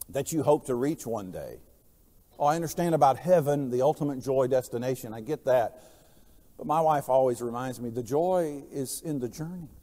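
A man preaching a sermon, telling stories and swinging between quiet, low passages and loud, emphatic lines. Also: big-room sound. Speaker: pastor.

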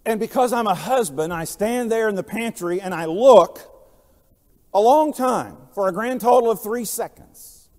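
High-voiced preacher man in a reverberant hall. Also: animated, normal speed. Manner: storytelling preacher, swings from quiet to loud. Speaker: pastor. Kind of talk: sermon.

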